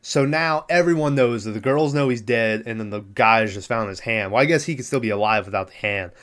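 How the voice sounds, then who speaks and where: A man at an ordinary pitch talks through a film scene by scene, casual and unpolished. He rambles, circles back on himself and swears freely, like a podcast host chatting with friends. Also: a little fast, fairly bright tone. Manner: rambling, filler-heavy, profane, laughs at the film. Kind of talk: casual movie recap.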